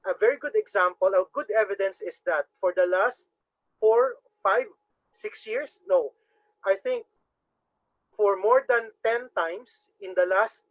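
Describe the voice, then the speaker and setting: A man from Cebu, Philippines, with a strong Visayan accent, teaches public speaking in an online webinar lecture, earnest and often repeating words as he thinks. His voice is high-pitched and fairly bright, with no room sound, in dry, dull lo-fi webinar audio.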